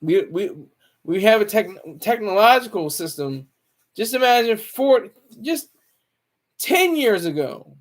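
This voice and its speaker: A man's voice: sits high, sing-song, slow pace. A man, a military veteran, talking in a loose, rambling monologue, often stopping to correct himself. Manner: rambling, self-correcting, opinionated. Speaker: Marine Corps veteran. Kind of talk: casual monologue.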